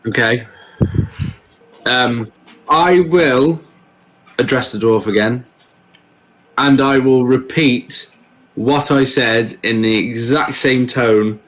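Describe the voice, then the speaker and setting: A man taking part in a tabletop game with a mid-pitched voice. He muses aloud, full of fillers and second thoughts. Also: slow pace, long pauses, fairly bright tone. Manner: hesitant, thinks aloud with fillers. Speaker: player. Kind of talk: casual tabletop play.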